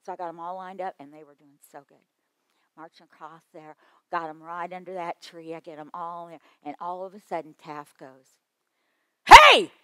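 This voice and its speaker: A middle-aged woman giving a storytelling talk to children's ministry teachers, lively, with quick asides and chuckles. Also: sits low, no room sound. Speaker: children's ministry workshop speaker.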